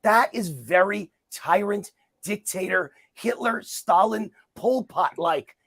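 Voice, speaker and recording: A middle-aged man speaks in a high, gravelly voice with a husky edge. He argues his case in an interview, forceful and combative, driving each point home through repetition. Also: slow pace. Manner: emphatic, combative, repeats points for emphasis. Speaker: interview guest, commentator. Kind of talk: heated political interview talk.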